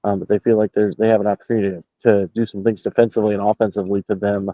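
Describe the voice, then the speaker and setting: Speaking rapid-fire in a lowish voice with little pitch movement, this reporter phones in right after a game, just out of the locker room at a basketball arena. The recording is dry, dull, lo-fi call audio, and his analysis rambles with many fillers and restarts.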